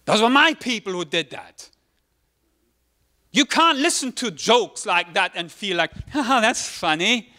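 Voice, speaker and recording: A man's voice: high-pitched, very animated, measured pace, pauses often, bright, forceful tone. A man in his forties from Germany with a German accent over British English, preaching a personal, conversational sermon with self-deprecating asides. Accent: German, with British English layered on. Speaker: pastor.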